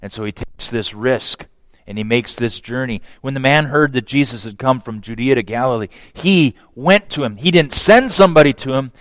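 Male preacher at mid pitch, dry sound, sermon that dramatizes the biblical dialogue. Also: moderate pace, fairly bright tone, no room sound. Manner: acts out scripture dialogue with raised emotional voices.

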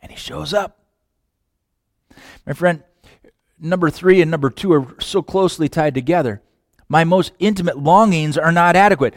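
Impassioned male preacher, hushed to loud. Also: high-pitched, no room sound, studio quality. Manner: impassioned, rhetorical questions, swings from hushed to loud. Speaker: pastor. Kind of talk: sermon.

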